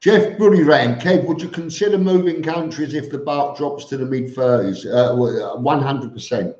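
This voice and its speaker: A man with a mid-range, slightly dark voice chats casually at a normal speed on a live stream, reading viewer comments aloud as a vlogger and answering them bluntly. He's matter-of-fact, full of fillers and restarts, and throws in the odd "mate". The audio is roomy, dull, lo-fi stream sound.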